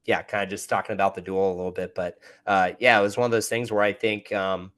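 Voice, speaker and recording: A man's voice: low voice, level tone, fast, a bit bright. A man hosting a podcast, recalling anecdotes in a casual, filler-heavy way. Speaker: podcast host. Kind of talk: casual interview chat.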